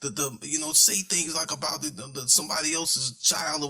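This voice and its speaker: A man's voice: fairly high pitch, fairly even intonation, a little fast, hardly any pauses, bright, forceful tone, faint music behind. A man co-hosting a casual podcast, talking animatedly, swearing freely and stumbling over repeated words as he acts out quotes. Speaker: podcast co-host. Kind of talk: casual chat.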